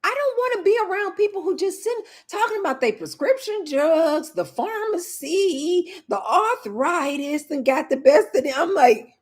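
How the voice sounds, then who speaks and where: A woman's voice: very high voice, expressive, normal speed, few pauses. A woman talking casually to camera in a vlog, chatty and emphatic, often turning to address her viewers directly. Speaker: lifestyle vlogger.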